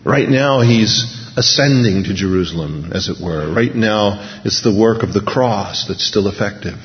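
A man's voice: on the low side, expressive, a little slow. A man preaching an impassioned sermon in a church hall, building to emphatic repeated peaks. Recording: dull lo-fi recording with long hall reverb.

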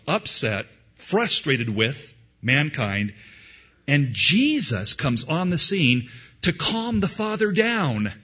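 A man preaching a sermon, swinging between loud emphasis and quiet asides. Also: mid-range voice, slightly rough. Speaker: pastor. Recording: dull lo-fi sound.

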